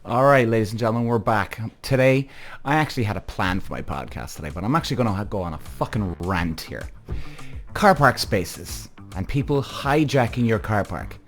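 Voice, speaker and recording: A man's voice: lowish voice, lively intonation, normal speed, faint music behind. A man hosting a podcast, telling a story in an exasperated rant full of swearing. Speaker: podcast host. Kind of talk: ranting podcast monologue.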